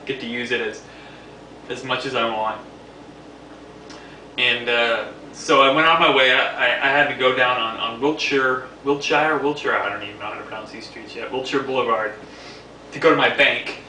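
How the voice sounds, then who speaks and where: A man's voice: mid-range voice, fairly even intonation, moderate pace, pauses often, bright, forceful tone. A man from the New York City area telling a rambling, casual story, repeating words and laughing along the way. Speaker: vlogger. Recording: echoey room, distant from mic, faint hiss.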